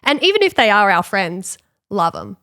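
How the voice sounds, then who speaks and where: A woman's voice: medium pitch, very animated, normal speed, bright, forceful tone. Stuffy-nosed woman, podcast co-host. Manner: upbeat, laughs often, reads reviews aloud. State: nasal from a cold. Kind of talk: casual chat.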